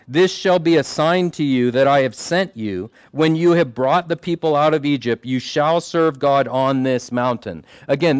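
A man's voice: mid-range voice, dry recording, clean studio sound. A man preaching an earnest, emphatic sermon to a small group seated in a circle, often calling out for an "Amen".

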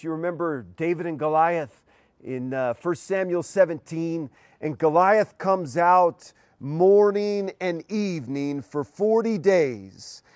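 A man with a somewhat high voice delivers an informal sermon. His talk is halting, with frequent restarts, and rises into emphatic rhetorical questions. The sound is dry and close, with no room echo. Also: darkish tone. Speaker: pastor. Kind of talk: informal sermon to an engaged couple.

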